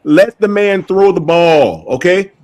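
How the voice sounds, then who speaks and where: A man co-hosting a casual sports debate, animated and excitable, jumping in over others. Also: high-pitched, unhurried.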